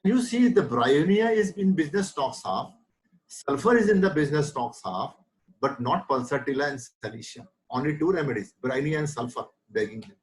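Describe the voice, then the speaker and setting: A man's voice: on the high side, animated, normal speed, poor audio. A middle-aged man with an Indian English accent, teaching a homeopathy lecture with emphatic repetition. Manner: emphatic, repeats key words, acts out patient quotes.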